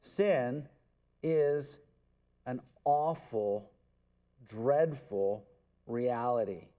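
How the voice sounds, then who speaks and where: A man's voice: medium pitch, drawn-out words, warm tone. A man preaching an expository sermon, earnest and emphatic, repeating words for stress. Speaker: pastor.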